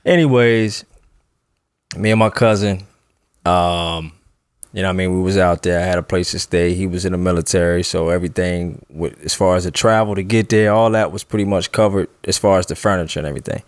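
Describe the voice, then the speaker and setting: A man's voice: sits low, steady tone, brisk, dry recording. A man casually telling a long personal story on a podcast, loose and laughing as he goes. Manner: laid-back, laughs while telling a story. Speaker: podcast co-host.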